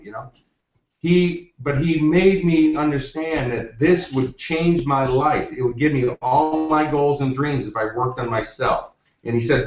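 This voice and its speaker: A man's voice: mid-range voice, normal speed. A man, a success coach, telling anecdotes in an interview with energy and acting out the quotes. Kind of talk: interview storytelling. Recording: roomy, distant, dull lo-fi.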